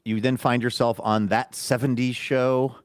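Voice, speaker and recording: A man co-hosting a podcast, telling stories in a casual chat and acting out quoted lines in an animated way. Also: mid-range voice, unhurried, clean tone, no room sound, studio quality. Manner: animated storytelling, acts out quotes. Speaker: podcast co-host.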